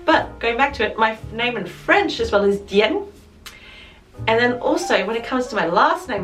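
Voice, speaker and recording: An Australian woman vlogger chats casually to camera, rambling and correcting herself as she goes. Her voice is on the high side with lively intonation and a moderate pace, recorded with roomy echo from a distant mic while music plays behind her.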